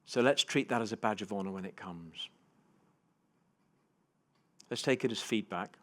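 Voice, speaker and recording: A man giving a motivational keynote to a live audience, telling personal stories with big swings between hushed and loud delivery. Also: on the low side, normal speed, long pauses. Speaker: keynote speaker. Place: conference stage before a live audience.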